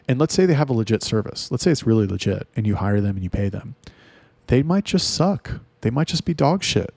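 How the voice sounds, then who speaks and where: A man's voice: fairly low pitch, lively intonation, fairly quick, vocal fry, a little mellow, no room sound. A man ranting in a casual, blunt and heavily profane monologue. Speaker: talk host.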